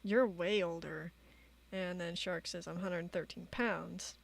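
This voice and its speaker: A woman's voice: on the low side, creaky. Woman streamer reading chat logs. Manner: halting, many fillers, reads quotes flatly. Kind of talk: casual commentary reading chat logs aloud.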